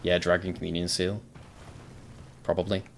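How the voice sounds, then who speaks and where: A man's voice: sits low, level tone, moderate pace, vocal fry, fairly bright tone, slight background noise. A young British man chatting casually on a live stream while gaming, thinking aloud, answering chat and swearing now and then. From Britain.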